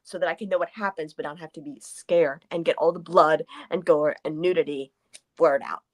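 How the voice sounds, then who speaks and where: A woman co-hosting a live chat, talking in a relaxed, rambling way. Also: low voice, a little fast. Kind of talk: casual livestream chat.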